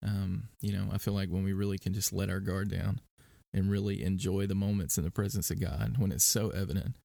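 Gravelly low-voiced man, rambling. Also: fairly even intonation, fairly quick, mellow, no room sound, clean studio sound. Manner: rambling with many fillers and restarts. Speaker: worship leader and podcast guest. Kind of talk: casual conversational interview.

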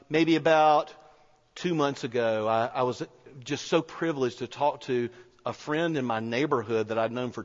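Earnest pastor in an echoey hall. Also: male voice, fairly high pitch. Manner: earnest, conversational storytelling with restarts. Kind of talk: sermon told as a personal story. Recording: echoey hall, dull lo-fi sound.

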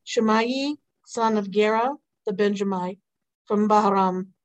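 Woman reading scripture at a measured pace. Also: mid-range voice, low-quality recording. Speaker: scripture reader. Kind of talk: liturgical responsive reading.

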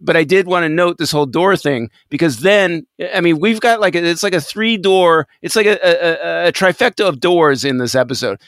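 A man's voice: fairly high pitch, fairly quick, few pauses, dry recording. A man with a slightly raised voice talks through a scene he loved, laughing often as he builds up the joke. The sound is dry and close, with no room in it. His chat is loose and casual, full of restarts and asides. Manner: animated storytelling, frequent laughs. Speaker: podcast co-host.

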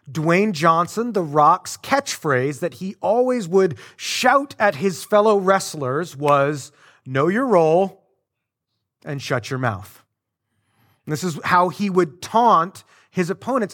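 Male pastor, higher voice, animated and conversational from the pulpit. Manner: conversational, animated, with asides to the congregation. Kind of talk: sermon.

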